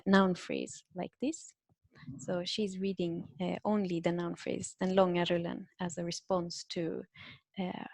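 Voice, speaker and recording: A woman's voice: mid-range voice, no echo. A woman giving an academic talk over a video call, hesitant, with many fillers and restarts. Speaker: invited linguistics speaker. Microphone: computer microphone on a video call.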